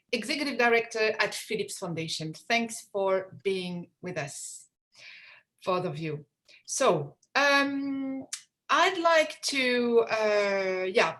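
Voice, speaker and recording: A woman hosts an online panel session over a video call. Her voice sits fairly high, and she talks with hesitant pauses, fillers and restarts. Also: fairly bright tone. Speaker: session moderator. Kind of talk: moderating a panel discussion.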